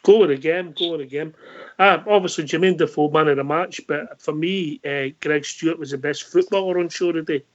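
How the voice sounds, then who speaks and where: A man's voice: on the high side, a little fast, dry recording, muffled recording. A Scottish man hosting a fan phone-in, joking and teasing his co-host and callers. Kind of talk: casual radio chat.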